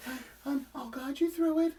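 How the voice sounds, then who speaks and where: A man voicing a giggly young girlfriend, breezy and drawn-out, full of "like, you know". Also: very high-pitched, mellow, slight background noise. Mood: teasing. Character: giggly valley-girl girlfriend, young woman.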